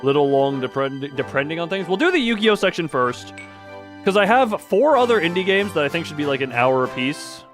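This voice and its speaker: Rambly excitable guy on a gaming stream, kinda high voice, some music low in the background. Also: a little fast. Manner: excitable, rambling, mild swearing, laughs often. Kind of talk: casual live-stream chat while gaming.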